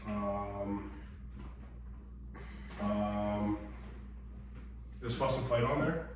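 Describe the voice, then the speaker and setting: A man's voice: fairly low pitch, extremely slow. A man in casual chat with teammates, hesitant and filling gaps with ums. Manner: hesitant, many fillers. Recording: echoey room, far from mic, noisy.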